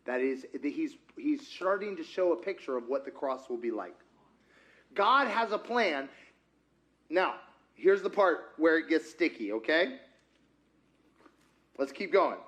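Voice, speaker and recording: A man's voice: high voice, a little slow. A man preaching a conversational sermon as pastor, often putting questions to the congregation. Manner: asks the congregation frequent questions; conversational and animated. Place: church sanctuary.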